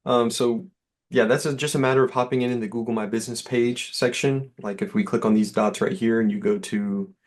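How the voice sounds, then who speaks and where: A man's voice: mid-range voice, fairly even intonation, a little fast. A man giving an easygoing, reassuring sales demo over a call, with lots of fillers. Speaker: software sales rep.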